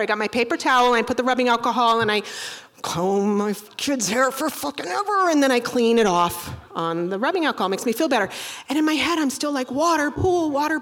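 Middle-aged woman comic, profane and animated, pitched high. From Boston. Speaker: stand-up comedian. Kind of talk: stand-up storytelling.

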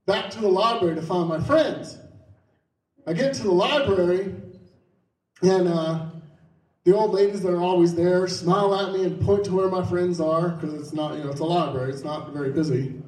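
A man telling a personal story in the first person, quick in some stretches and slow in others. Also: high voice, a little mellow, distant mic. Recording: roomy, voice set back from the mic.

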